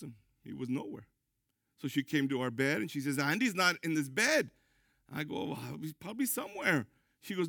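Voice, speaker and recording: A middle-aged man, a pastor preaching a sermon, emphatic, with sudden loud high bursts. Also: gravelly, dry recording, studio quality.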